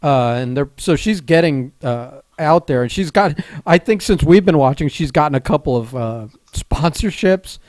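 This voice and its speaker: A man's voice: a little high, expressive, moderate pace, hardly any pauses, darkish tone, no room sound. A man co-hosting a podcast in casual chat, often breaking into laughter as he talks. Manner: laughs often while talking. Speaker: podcast co-host.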